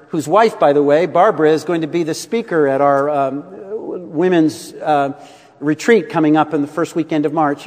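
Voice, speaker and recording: A man preaching a sermon as pastor, expressive, swinging between rising emphasis and soft, quiet drops. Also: fairly high pitch, big-room sound.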